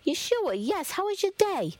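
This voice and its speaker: A woman's voice: wildly swooping pitch, takes it slowly, gravelly, a little mellow, no room sound, full character voice. A woman voicing a doting, fussing old mother in a storybook reading. She speaks in a raised, emphatic, fretting voice. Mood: eager, fussing. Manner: high-pitched, fretting, emphatic.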